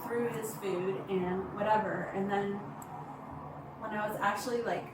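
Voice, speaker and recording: A woman recounting an incident to police, halting and rambling with many fillers. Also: medium pitch, fairly even intonation. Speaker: complainant reporting to police. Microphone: body-worn camera. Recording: echoey, distant, noisy bodycam audio.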